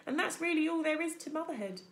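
A woman's voice: high-pitched, expressive, voice pushed up. A woman doing a bossy old goose. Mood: brisk, motherly. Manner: brisk, scolding. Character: bossy old female goose, blunt and motherly.

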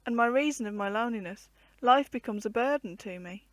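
A woman's voice: on the high side, a little fast, no room sound, lightly acted. A woman voicing an aged, lonely, poor male hermit who clings to life, in solemn old-fashioned storybook speech.

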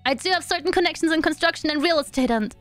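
A woman's voice: high-pitched, fast talker, fairly bright tone, soft background music. A woman reading the lines of a cheerful male raccoon businessman aloud from a game. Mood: salesy. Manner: reads game dialogue aloud, formal and salesy.

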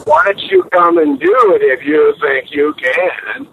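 A man's voice: a little high, a little slow, lo-fi sound, crowd noise. A man who owns a business, angrily berating a prank caller on the phone and swearing constantly. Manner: angry, profane, berating. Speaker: business owner taking a call. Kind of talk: heated phone argument.

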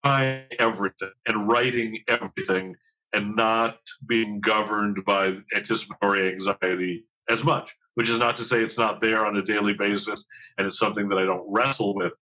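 This podcast guest is a TV writer in his fifties whose fairly low voice stays steady at a moderate pace, sounding pushed and bright over poor audio. The conversation is candid, and he keeps restarting and poking fun at himself as he rambles.

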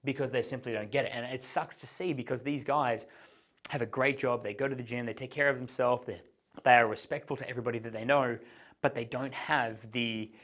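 A man giving an instructional talk as a dating coach, explaining step by step and changing his pace and pitch to act out examples. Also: steady tone, brisk, a bit bright.

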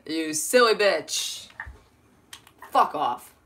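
A woman bantering with a friend while playing a video game, teasing and swearing, laughing often and now and then shouting. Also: low-pitched, lively intonation, extremely slow. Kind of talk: casual gaming banter.

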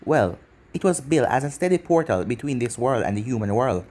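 A man's voice: medium pitch, big pitch swings, brisk, darkish tone. A man voicing a seductive, scheming demoness witch with a sardonic, teasing manner. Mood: sly.

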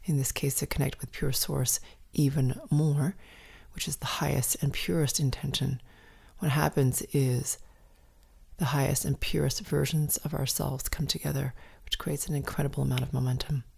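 Low husky woman guiding a meditation. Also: level tone. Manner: soft, slow, often whispered delivery. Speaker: meditation guide. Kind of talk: guided meditation.

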